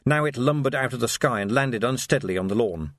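A man narrating an audiobook with a lively, expressive reading. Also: mid-range voice, fast talker, dry recording, clean studio sound.

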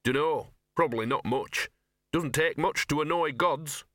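A scruffy talking dog with a streetwise, sardonic grumble, as a male narrator puts him on, pitched well above the reader's own voice. He drawls slowly, and the sound is crisp and close, on a dry recording. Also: fairly bright tone, no room sound. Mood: gossipy.

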